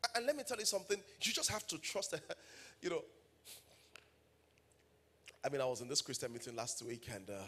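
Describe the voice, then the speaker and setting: A man with a Nigerian English accent delivers a sermon as pastor, his medium-pitched voice fairly bright in tone. Through storytelling, he builds to emphatic calls to his congregation.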